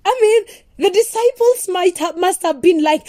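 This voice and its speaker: A woman's voice: extremely high pitch, measured pace, warm tone, no room sound. A woman explaining her gospel song as impassioned devotional teaching, earnest and repetitive with preacher-like emphasis.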